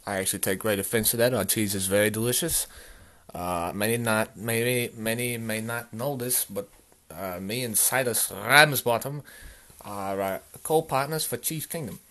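A man's voice: fairly low pitch, moderate pace, pushed and bright. A man co-hosting an improvised comedy podcast, rambling in a mock-earnest way. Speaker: podcast co-host.

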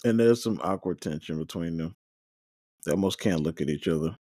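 A man's voice: low voice, a little fast, mellow, no echo, clean studio sound. A man hosting a podcast, casually retelling a show's episode in a loose, rambling way with plenty of fillers. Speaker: podcast host.

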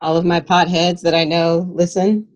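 A woman's voice: fairly low pitch, level tone, normal speed. A woman chatting casually as a guest, laughing easily and drawling her words. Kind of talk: casual chat.

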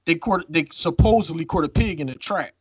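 A man cohosting a podcast, telling stories in a casual, profane, animated way. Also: fairly high pitch, brisk, slightly rough, no room sound. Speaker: podcast co-host.

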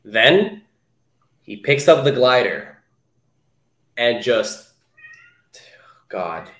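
A young man talks eagerly on a casual podcast, swearing often and acting out lines from scenes. His voice sits at an ordinary pitch, with a roomy echo around it. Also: drawn-out words. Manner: excited, swears freely, acts out quotes. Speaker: podcast co-host. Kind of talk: casual chat, movie talk.

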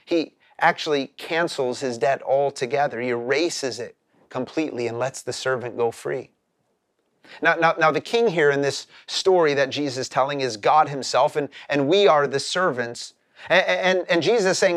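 A man's voice: medium pitch, moderate pace, fairly bright tone, no echo, studio quality. A man preaching a sermon as a pastor, earnest and explanatory, often repeating words as he starts a phrase.

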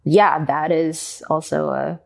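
A woman, a ballet dancer, answering interview questions in a thoughtful, halting way, often searching for words. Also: low voice, fairly even intonation, creaky. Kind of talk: interview conversation.

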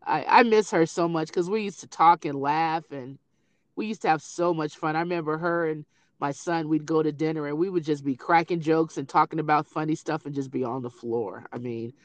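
A middle-aged woman in casual conversation, telling family stories in an animated way. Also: deep voice, brisk, no echo. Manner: animated storyteller who acts out quoted voices. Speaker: grieving mother sharing memories.

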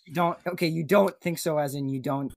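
A man hosting a comedy podcast, goofy and flustered, his voice jumping up high when he panics. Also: a little fast, vocal fry, a crowd in the background. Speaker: podcast host. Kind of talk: comedic casual chat.

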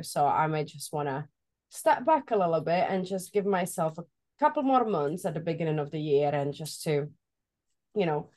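A woman's voice: deep voice, mellow. A woman co-hosting a fitness podcast, chatty and teasing, who laughs easily. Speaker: fitness coach and co-host. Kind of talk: casual podcast chat.

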